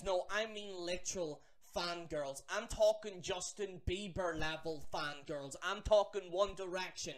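A man ranting to the camera about wrestling fans, animated and profane, with mocking asides. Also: sits high, a little slow, hardly any pauses. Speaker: wrestling vlogger. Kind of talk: ranting commentary.

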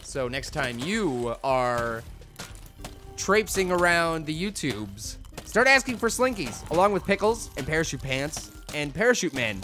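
A man's voice: on the high side, animated, a little slow, a bit bright, soft background music. A young man casually commenting on a video game he plays, rambling, telling jokes and mocking himself. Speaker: gaming YouTuber. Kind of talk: casual let's-play commentary.

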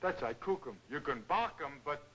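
An actor playing a cheerful, dim-witted boxer who rambles earnest slangy nonsense, in 1940s film comedy acting. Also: male voice, fairly high pitch, animated, normal speed, a bit bright, poor audio.

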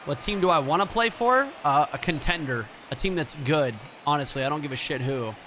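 A man hosting a gameplay commentary, excitable and profane, talking to his chat. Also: a little high, brisk, a little hiss or hum. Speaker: let's play host.

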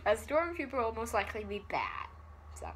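A woman's voice: a little high, sing-song, brisk, fairly bright tone, husky. A woman chatting casually in a vlog, rambling, giggly and self-deprecating. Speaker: vlogger.

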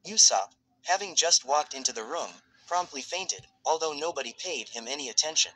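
A man reading fan fiction aloud as a narrator in a steady, even storytelling voice. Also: on the high side, moderate pace, poor audio.

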